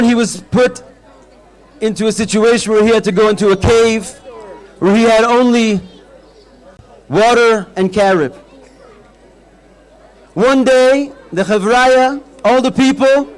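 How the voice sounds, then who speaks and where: High-voiced rabbi telling a lively story. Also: male voice. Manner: animated storyteller, sprinkles Hebrew terms. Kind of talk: storytelling address at a festival. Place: outdoor festival by a bonfire.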